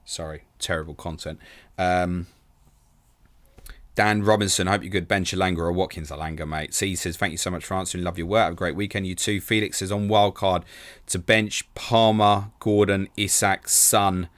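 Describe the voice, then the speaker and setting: A man hosts a live fantasy football stream, reading viewers' questions and answering them quickly and casually, calling them mate and poking fun at himself. His voice is low, fairly even in intonation and fairly bright, with no echo.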